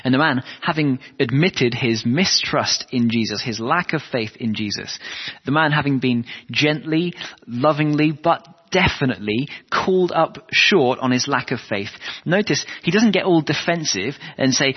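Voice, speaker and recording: A man's voice: mid-range voice, lively intonation, normal speed, breathy edge. A man preaching a sermon, earnest and asking his listeners rhetorical questions. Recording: dull lo-fi sound with long hall reverb.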